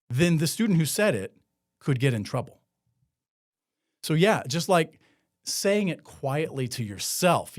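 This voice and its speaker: Male host of a solo commentary show; conversational and sarcastic, with an animated, swinging delivery. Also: a little high. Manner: sarcastic, conversational, heavy with "like" fillers. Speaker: podcast host.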